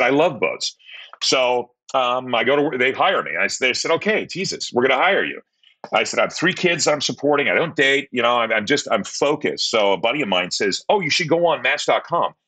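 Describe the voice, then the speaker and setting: Podcast guest, male, 50s, lowish bright voice, rambling candid storyteller who repeats himself. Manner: rambling, repeats words, animated when retelling dialogue.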